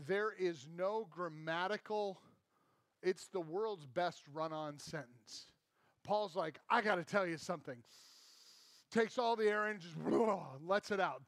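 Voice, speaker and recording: A man's voice: sits high, no echo. A middle-aged man with an American accent giving a sermon, telling stories casually with many fillers. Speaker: pastor.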